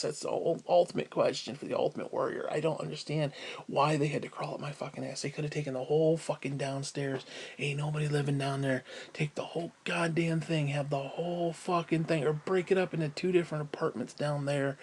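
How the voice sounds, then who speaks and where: Guy ranting at home, cussing a lot, sighs, kinda high pitched. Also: fairly even intonation, fairly quick, breathy edge. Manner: profane, sighing, venting. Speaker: vlogger. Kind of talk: casual ranting vlog.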